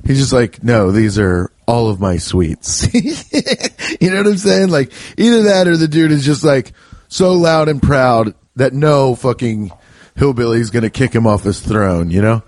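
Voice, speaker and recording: A young adult man hosting a podcast alone, telling rambling, profane, joking stories and putting on quick voices for the people in them. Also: mid-range voice, darkish tone, no echo. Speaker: podcast host. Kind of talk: casual rambling monologue.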